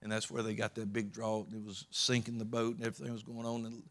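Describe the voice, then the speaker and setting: A man preaching a sermon, swinging between loud emphatic peaks and low soft storytelling, often repeating words and restarting. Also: monotone, quick pace. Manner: rising to loud emphatic peaks, then dropping low and soft while retelling scripture.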